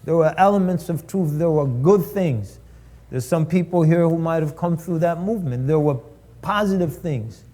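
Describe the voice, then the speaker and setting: A man delivers a lecture in the cadence of a sermon, stacking up repeated phrases to drive each point home. His voice sits high for a man yet sounds mellow and soft-edged. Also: moderate pace. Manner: rhetorical, repeats phrases for emphasis. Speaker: speaker at a live-streamed cultural event. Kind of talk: preaching lecture.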